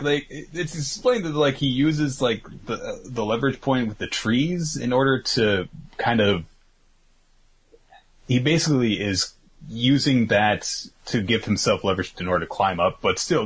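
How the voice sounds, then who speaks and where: A man's voice: medium pitch, animated, moderate pace, slightly rough. A man casually recapping a story in a rambling, filler-heavy way. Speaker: podcast host recapping manga. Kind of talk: casual chat.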